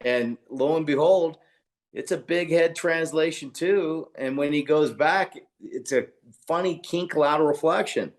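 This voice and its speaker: A man who is a chiropractor and podcast co-host, chatting casually and telling clinic stories in an excitable, blunt way. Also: a little high, unhurried.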